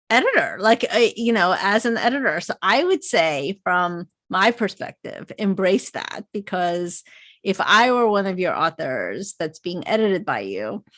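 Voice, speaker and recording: A woman novelist interviewing an author over a video call, animated, playful and teasing. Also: mid-range voice, no room sound. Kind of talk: casual interview chat.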